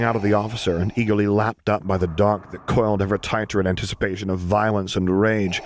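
A man reading fan fiction aloud as an audiobook, narrating in a steady, measured way. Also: fairly low pitch, a little hiss or hum. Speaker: reader.

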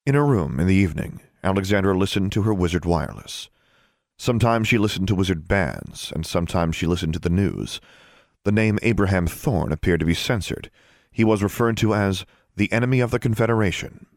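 A man giving measured scripted narration of an audiobook. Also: low voice, no room sound, studio quality.

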